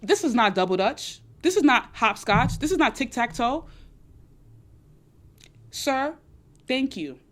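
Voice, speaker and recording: A young woman hosting a casual chat, answering audience questions on dating in an emphatic, preachy way and repeating her points. She talks a little loud and excited. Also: fairly high pitch, slow, long pauses. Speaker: dating advice host.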